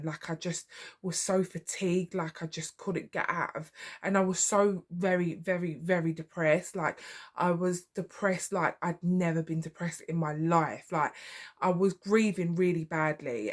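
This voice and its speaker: A woman doing her makeup while she tells a personal story to camera, rambling with many fillers and restarts. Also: lowish voice. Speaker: vlogger.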